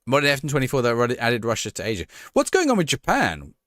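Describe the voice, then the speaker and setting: A man's voice: mid-range voice, wildly swooping pitch, fast, a bit bright, dry recording, clean studio sound. A man streaming a football management game live, reacting to the action and chatting with his viewers.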